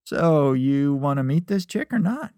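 A man voicing a pushy, cheerful teenage best friend who talks loudly and jokes around. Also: fairly high pitch, expressive, measured pace, clean tone, no echo, clean studio sound, voice pushed up.

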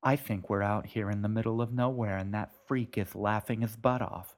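A man's voice: fairly low pitch, steady tone, moderate pace, natural voice. A man voicing a bored, irritable teenage girl with a snappy, sarcastic way of talking.

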